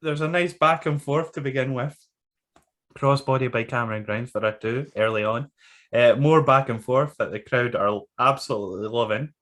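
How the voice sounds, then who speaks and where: A man's voice: medium pitch, fairly even intonation, normal speed, fairly bright tone. A man co-hosting a casual podcast chat, blunt and sweary, laughing often. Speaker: podcast co-host.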